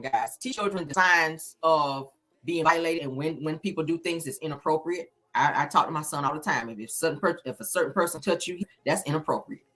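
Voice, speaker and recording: A woman in her thirties giving blunt, animated celebrity news commentary straight to her viewers and swearing freely. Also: low-pitched, slightly rough.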